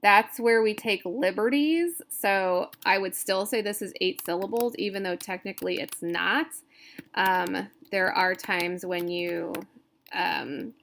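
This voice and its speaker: Slow, gravelly-voiced woman teaching poetry. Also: medium pitch, a bit bright. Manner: hesitant, self-correcting, thinking aloud; counts stresses aloud. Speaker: poetry instructor. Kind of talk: recorded screen-share lecture.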